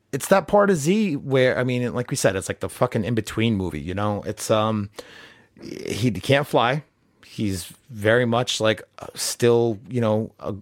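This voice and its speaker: A young man co-hosts a podcast, casually and profanely chatting about a movie and acting out its characters' lines. His voice sits in the mid range, recorded with studio quality and no echo.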